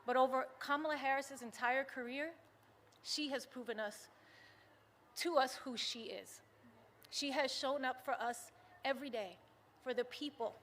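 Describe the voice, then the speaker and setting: Bright, high-voiced woman rallying a crowd. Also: normal speed, long pauses, slight background noise. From United States. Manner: impassioned, rousing. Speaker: campaign rally speaker. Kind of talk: rally speech. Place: large rally venue. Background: faint crowd.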